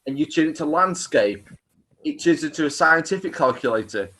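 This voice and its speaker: A man joins a relaxed film chat over a video call. He rambles excitedly and fills his talk with fillers. His voice sits somewhat high for a man. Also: normal speed. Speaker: guest co-host. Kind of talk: casual film commentary chat.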